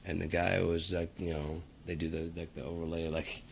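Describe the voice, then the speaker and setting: A man's voice: low-pitched, little pitch movement, moderate pace, vocal fry, slight background noise. A man ranting in a casual, profane and rambling way, talking to the camera. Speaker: vlogger. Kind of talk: casual rant.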